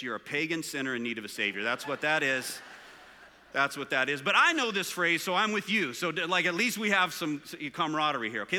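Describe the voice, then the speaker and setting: A man's voice: fairly high pitch, sharp tone. A man preaching a live sermon, joking and asking the room rhetorical questions. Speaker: pastor. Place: large church hall. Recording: long hall reverb.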